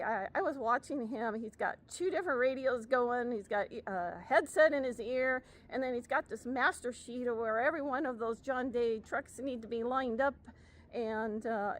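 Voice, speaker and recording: American woman, chaplain, earnest casual video message, rather high voice, many fillers, faint background noise. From United States.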